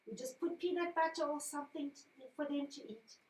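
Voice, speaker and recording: Lively high-voiced woman in an echoey room. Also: fairly quick, slight background noise.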